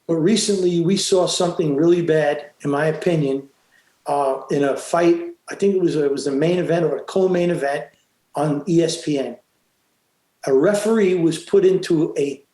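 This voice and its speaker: Man, boxing referee guest, high voice, emphatic storyteller, echoey room. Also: dark tone. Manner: emphatic, acts out quotes, frequent restarts. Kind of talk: animated storytelling in an interview.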